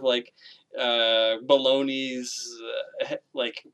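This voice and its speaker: Bright-voiced man chatting about a film. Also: mid-range voice, level tone, takes it slowly, clear, resonant tone. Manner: laughs while retelling scenes, swears casually, acts out quotes. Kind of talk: casual film discussion.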